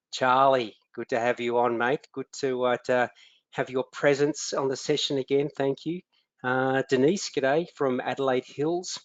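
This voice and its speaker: A man's voice: mid-range voice, no room sound. An Australian man hosting a live webinar as a business coach, upbeat, greeting attendees by name with frequent ums. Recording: dry, dull lo-fi webinar audio.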